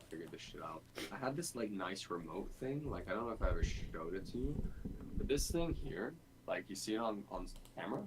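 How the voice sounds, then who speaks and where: A man's voice: sits low, slight background noise, poor audio. A man streaming game development, thinking aloud in a casual, rambling way with lots of fillers. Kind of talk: casual dev stream chat.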